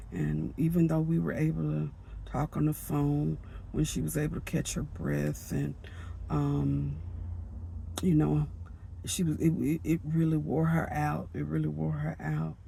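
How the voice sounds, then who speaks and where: A woman giving a personal spiritual testimony, talking in a halting way and repeating phrases as she goes. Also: sits low, completely flat delivery, gravelly, mellow, a little hiss or hum. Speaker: vlogger.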